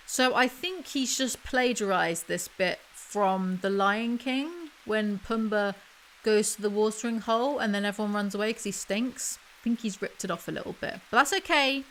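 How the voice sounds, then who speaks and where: A woman reading a picture book aloud as ASMR commentary, with mocking, deadpan asides. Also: medium pitch, moderate pace, poor audio.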